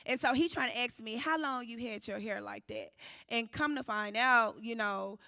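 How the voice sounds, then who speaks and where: A woman, giving an animated personal testimony at a church recovery service and acting out the voices in her story. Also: a little high, normal speed, vocal fry, dry recording, clean studio sound. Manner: animated storytelling, acting out quotes, addressing the room as y'all.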